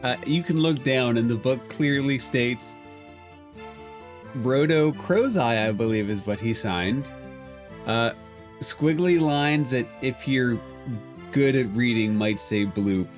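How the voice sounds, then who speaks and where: A man narrating a tabletop game as game master in a relaxed, unhurried way, with faint music behind. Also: mid-range voice.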